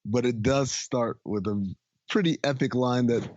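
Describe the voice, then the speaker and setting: A man's voice: mid-range voice, measured pace, a little mellow, no room sound, dull audio. Man co-hosting a crude movie podcast. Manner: crude joking, reads out his own notes. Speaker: podcast co-host. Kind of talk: casual movie review chat.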